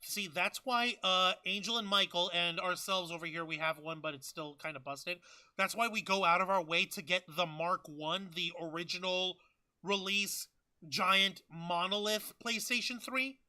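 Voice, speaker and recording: A man hosting a podcast in casual chat, excitable and profane, with lots of fillers. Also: sits high, moderate pace. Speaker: podcast host.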